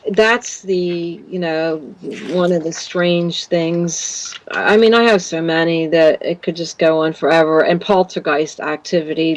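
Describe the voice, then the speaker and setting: A woman from Canada in her fifties, a guest in an interview, telling rambling, animated stories. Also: lowish voice, rough recording. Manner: rambling, animated storytelling with laughs. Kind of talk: casual interview.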